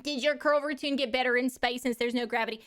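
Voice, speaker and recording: A woman's voice: high voice, fairly even intonation, fast talker, fairly bright tone. A woman streamer reading chat questions aloud during a live stream.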